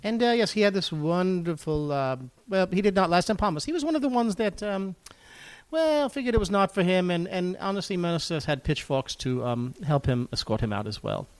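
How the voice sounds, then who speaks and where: A man sits in as guest on a loose, chatty podcast, airing blunt opinions and stumbling over restarts. His pitch swings up and down a lot as he talks. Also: expressive, smooth, dry recording. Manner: blunt, ranting about complainers, halting restarts. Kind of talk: casual podcast chat.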